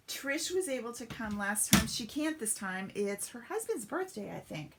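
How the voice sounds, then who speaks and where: A woman's voice: fairly high pitch, sing-song, normal speed, hardly any pauses, slight background noise. A woman giving a chatty step-by-step craft demonstration on a live stream, greeting viewers as she works. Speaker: papercraft demonstrator.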